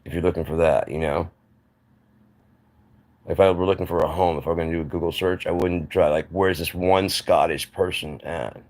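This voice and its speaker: A man's voice: sits low, flat delivery, a little fast, pauses often, mellow. A man talking casually on his own channel, giving rambling, opinionated takes with frequent restarts. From United States. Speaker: channel host. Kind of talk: casual monologue to camera.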